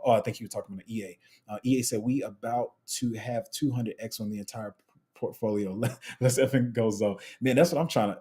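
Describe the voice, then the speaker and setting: Young guy doing a live q&a, slangy and chatty, kinda dark mellow tone. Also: mid-range voice, breathy edge. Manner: chatty, slangy, trails off and restarts while multitasking. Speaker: crypto livestream host. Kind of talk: casual live Q&A, reading chat.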